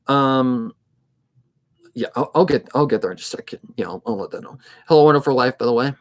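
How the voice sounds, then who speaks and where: A man in his twenties chats casually on a livestream, his voice sitting at an ordinary middle pitch. He talks in a steady, somewhat monotone way. He rambles and thinks aloud with plenty of fillers, like a narrator of fan readings. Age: 20s.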